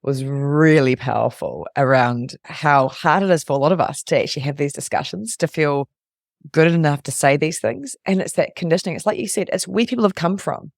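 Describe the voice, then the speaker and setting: A woman's voice: deep voice, brisk, creaky, no room sound. Earnest woman podcast host, dry sound. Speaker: podcast host and resilience coach. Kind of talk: interview conversation.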